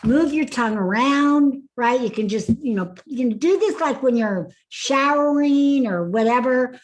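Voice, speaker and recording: A woman's voice: high-pitched, expressive, unhurried, a little hiss or hum. Upbeat woman leading voice drills on a video call. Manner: upbeat, laughs often, leads group drills. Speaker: speaking coach. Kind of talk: online workshop teaching voice exercises.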